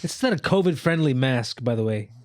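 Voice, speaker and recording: A man's voice: medium pitch, lively intonation, a little fast, darkish tone, no room sound. A man co-hosting a podcast, tossing dry joking asides in casual chat.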